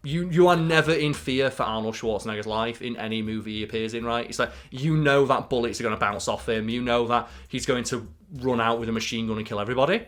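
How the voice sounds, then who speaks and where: A man's voice: mid-range voice, fast, hardly any pauses, a bit bright, a little hiss or hum. Blunt, sweary man talking films. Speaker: podcast co-host. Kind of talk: casual film chat.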